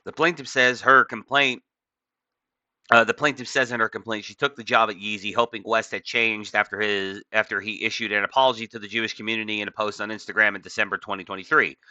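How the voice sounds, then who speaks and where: A man's voice: lowish voice, sharp tone, no room sound. Offhand man rambling over a dull mic. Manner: offhand, rambling, many fillers. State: just woken up. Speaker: commentator. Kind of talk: casual commentary reading a news article aloud.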